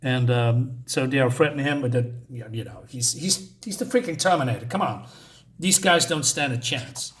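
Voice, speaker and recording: A man's voice: mid-range voice, normal speed, fairly bright tone. A man casually talking through a comic book issue, hesitant and full of ums and uhs, often correcting himself.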